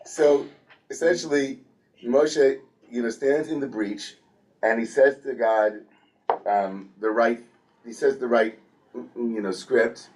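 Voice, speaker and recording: Lively man teaching a Torah class. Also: mid-range voice, takes it slowly, long pauses, far from the mic. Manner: lively storytelling, playfully acts out biblical characters, frequent restarts. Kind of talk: casual Torah study class.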